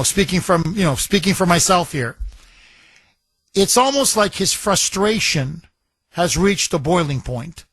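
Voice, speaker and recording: A man's voice: sits high, fairly bright tone, no room sound. A man hosting a political talk radio show, emphatic and rhetorical, repeating phrases for effect.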